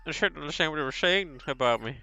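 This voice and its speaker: A man's voice: fairly high pitch, lively intonation, quick pace, sharp tone, clean tone, exaggerated voice, poor audio. A man reading as a brooding beast who longs to be human. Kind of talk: reading a visual novel aloud.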